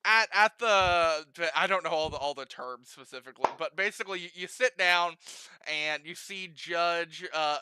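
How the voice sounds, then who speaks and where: A man's voice: a little high, moderate pace, noisy background. Giggly young man as game master. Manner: giggly, rambling with many restarts. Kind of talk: narrating a homebrew tabletop game.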